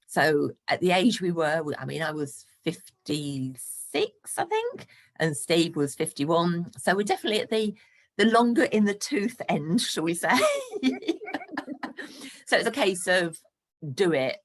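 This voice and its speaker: A woman in her sixties with a notably low voice, chatting frankly as a podcast guest. She talks openly and laughs between points. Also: big pitch swings, a little slow. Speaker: guest, property investor. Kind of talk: casual podcast interview.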